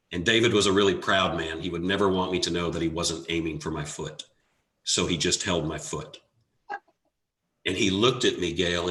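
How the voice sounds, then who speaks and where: A man giving a motivational talk, telling a personal story earnestly with dramatic pauses and rising emphasis. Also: sits low, a bit bright. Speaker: motivational speaker. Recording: echoey room.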